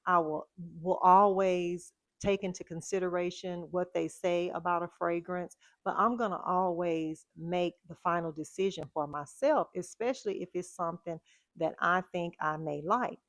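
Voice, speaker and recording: Woman vlogger, lowish voice, dry close mic, chatty storyteller. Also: steady tone, normal speed, no room sound. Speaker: fragrance vlogger. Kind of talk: casual chat.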